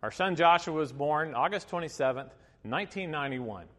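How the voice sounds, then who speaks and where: Man, 50s, pastor, chatty sermon, fairly high voice, long hall echo. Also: animated, a little fast, a bit bright. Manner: storytelling, chatty with many fillers, laughing asides. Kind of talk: sermon with personal story.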